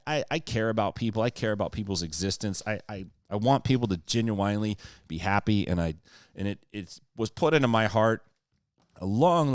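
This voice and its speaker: A man's voice: fairly low pitch, no echo, clean studio sound. A man talking on a podcast in a casual, fired-up rant, swearing freely and slipping into sarcastic jokes. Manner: sarcastic joking. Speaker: podcast guest.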